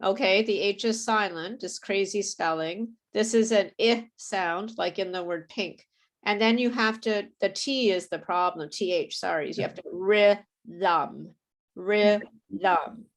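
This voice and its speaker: Slow patient woman teaching pronunciation. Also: mid-range voice. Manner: patient, slow and repetitive, with light laughs. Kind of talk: live online pronunciation lesson.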